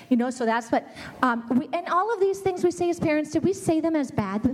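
A woman's voice: sits high, expressive, fast. A middle-aged woman giving a family ministry talk, earnestly acting out what parents and kids say.

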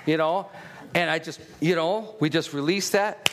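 A middle-aged man preaching a sermon, telling stories and urging the crowd on in an animated, exhorting way. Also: a little high, moderate pace.

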